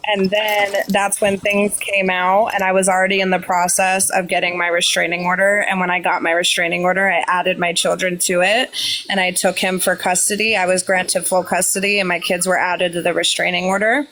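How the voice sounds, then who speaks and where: Calm woman explaining in casual chat. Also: fairly low pitch, fairly quick, rough recording. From California. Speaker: guest on a live stream.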